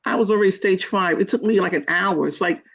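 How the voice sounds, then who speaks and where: A woman's voice: mid-range voice, fast talker, gravelly, slightly rough, lo-fi sound. A woman telling her own story as an interview guest, earnest and emotional, acting out her past words. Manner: earnest, retells her own quoted words with rising intensity. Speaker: guest sharing her kidney disease story.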